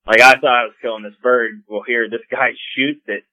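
A man, a podcast guest telling hunting stories in a casual, animated way. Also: mid-range voice, a little fast, dry recording, highs cut off. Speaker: podcast guest, call maker. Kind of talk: casual storytelling.

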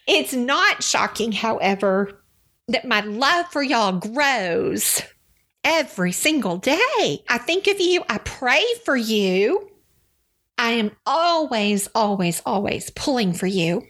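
Texan woman, devotional podcast host, emotional and teary, slow and unhurried delivery with a very lively pitch. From Texas. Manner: emotional, tearful and effusive. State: teary, sniffling. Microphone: studio microphone, seated.

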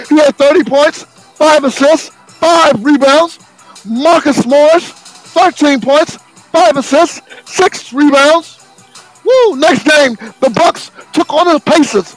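Slow sing-song man reading scores. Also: very high voice, faint music behind, low-quality recording. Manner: slow, sing-song delivery with shouted bursts. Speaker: sports highlights host. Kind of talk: reading basketball scores and stats.

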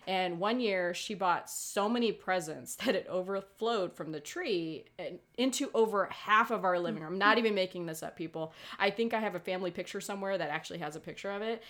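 Candid swearing podcast mom. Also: female voice, medium pitch, fairly quick, few pauses, a bit bright. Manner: candid, swearing, emotional, laughing often. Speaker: podcast co-host. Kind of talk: casual chat.

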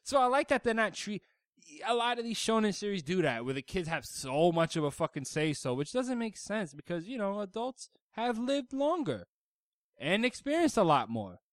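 A man's voice: high-pitched, sing-song, normal speed, dry recording. A man in casual chat recapping a manga with friends, swearing, laughing, and acting out lines of dialogue. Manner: profane, laughing, acts out characters in quotes. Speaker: podcast co-host.

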